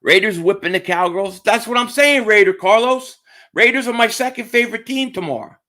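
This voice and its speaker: A man's voice: high-pitched, fairly quick, bright, forceful tone. A man hosting a casual live stream, chatting about football and greeting viewers in the chat, repeating himself often. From Philadelphia area. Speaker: sports stream host.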